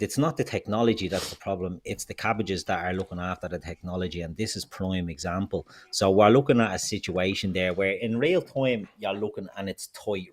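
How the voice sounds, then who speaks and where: A man co-hosting a football podcast, ranting heatedly and swearing freely. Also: on the low side. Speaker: podcast co-host.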